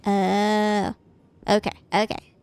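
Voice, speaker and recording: Indoors at home, a young woman from the American Midwest livestreams her gameplay, chatting and rambling with plenty of profanity and laughs. Her medium-pitched voice is slow, smooth, level and a little mellow.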